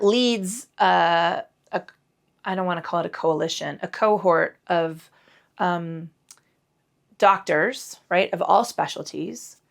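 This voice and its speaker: A middle-aged woman with a creaky voice on the low side teaches a casual yoga session indoors at home. Her patter is rambling and profane, peppered with self-deprecating humor.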